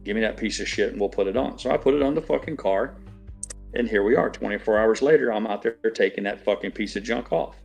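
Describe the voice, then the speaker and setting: Middle-aged man, lowish voice, profane ranting, casual chat, faint music behind. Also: fast, vocal fry, a little mellow, husky. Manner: profane, ranting, aggrieved storytelling. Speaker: stream regular.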